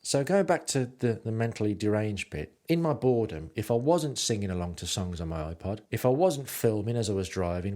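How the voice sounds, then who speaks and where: A man's voice: lowish voice, a little mellow. A man narrating his travel stories in a rambling, self-mocking way with lots of ums. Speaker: podcast host and narrator.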